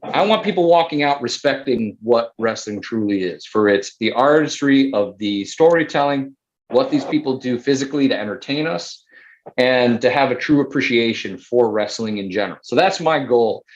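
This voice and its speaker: A man's voice: medium pitch, animated, normal speed, muffled recording. A man producing a theater show, talking with eager enthusiasm in a casual interview, full of fillers like "man" and "like.".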